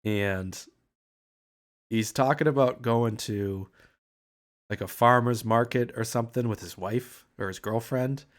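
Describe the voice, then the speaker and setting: A man's voice: medium pitch, measured pace, long pauses. A man hosting a casual livestream chat, rambling, swearing freely and often restarting his sentences. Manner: rambling, profane, with frequent restarts. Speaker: livestream host.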